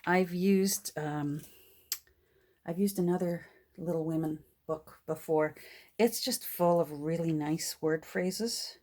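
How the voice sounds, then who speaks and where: Low-voiced and slow, this older vlogger presents her thrift finds with obvious delight. Now and then her casual show-and-tell sinks to soft whispers and little gasps.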